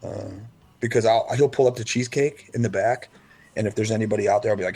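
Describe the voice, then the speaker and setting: A man's voice: lowish voice, quick pace, vocal fry, a little mellow. A man co-hosting a casual podcast chat, telling rambling, profane stories and mimicking the people in them. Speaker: podcast co-host.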